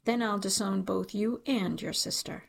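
A woman's voice: medium pitch, normal speed, gravelly. A woman reading an audiobook, voicing a stern aristocratic father who gives cold, contemptuous commands.

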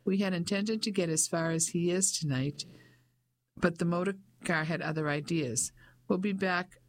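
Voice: medium pitch, moderate pace, no echo, natural voice. A reader doing a proper young Englishwoman. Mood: polite. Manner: polite, proper. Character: polite, brisk young Englishwoman. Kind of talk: audiobook character voice.

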